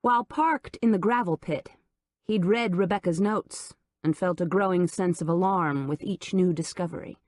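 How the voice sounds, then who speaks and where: A woman narrating an audiobook in a measured, low-key manner on a close studio mic. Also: a little mellow, no echo. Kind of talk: scripted narration.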